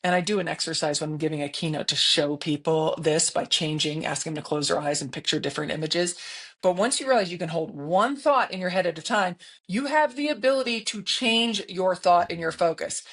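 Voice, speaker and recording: A woman in her fifties, a broadcaster guest on a podcast, telling stories in a lively, emphatic way and often checking in with "right?". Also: on the low side, a little fast. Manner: lively storyteller, emphatic, frequent "right?" tags. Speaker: guest, broadcaster and keynote speaker. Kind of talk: conversational podcast interview.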